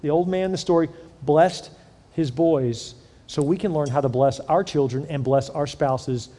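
A middle-aged man preaching a sermon as a pastor, conversational and animated, often repeating words as he tells stories. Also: on the high side, normal speed. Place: large church hall. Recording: long hall reverb.

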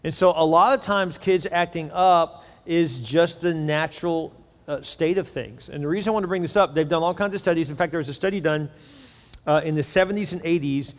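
A middle-aged pastor gives his sermon in a candid, joking way, his voice sitting a little high for a man. It rings out in a church hall with a long reverb tail. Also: fairly quick. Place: church auditorium. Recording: echoey hall.

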